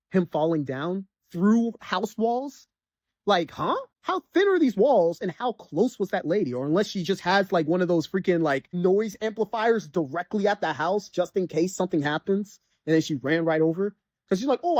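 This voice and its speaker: A man's voice: on the high side, a little mellow, no echo, clean studio sound. A man giving a rambling, filler-heavy spoken recap and review of a video game, often restarting his sentences.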